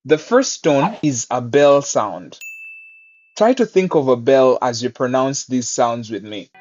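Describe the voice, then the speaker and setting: A man walks learners through a Mandarin lesson, patient and encouraging, with unhurried, deliberate phrasing. His voice sits at an ordinary middle pitch. The recording sounds a little dull and lo-fi. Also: animated, darkish tone. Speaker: Mandarin teacher. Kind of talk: online language lesson.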